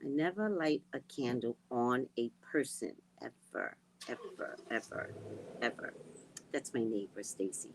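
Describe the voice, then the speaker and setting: A woman host chatting casually with viewers, giggly and drifting between soft murmurs and loud outbursts. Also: rumbling low, sing-song, unhurried, vocal fry, a little hiss or hum, rough recording. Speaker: livestream host.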